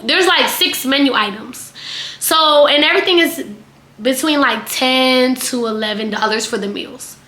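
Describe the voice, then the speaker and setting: A young woman vlogger telling a casual storytime, chatty and animated, full of fillers and swearing. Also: on the high side, reverberant.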